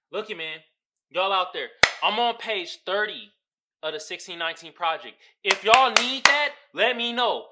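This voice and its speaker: A young man hosting a podcast, giving casual, profane, animated commentary straight to his listeners. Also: high voice. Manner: animated, loud, swearing, talking straight to listeners. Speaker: podcast host.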